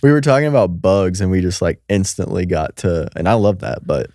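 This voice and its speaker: A man's voice: deep voice, animated, a little fast, warm tone, no room sound, clean studio sound. A man in his thirties hosting a podcast, laid-back with short reactions. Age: 30s. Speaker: podcast host. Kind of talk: casual podcast chat.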